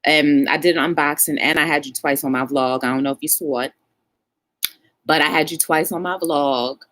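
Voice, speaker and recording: A woman's voice: deep voice, steady tone, normal speed, fairly bright tone. A woman hosting a live talk show, telling a story and acting out both sides of the dialogue, and calling her viewers y'all.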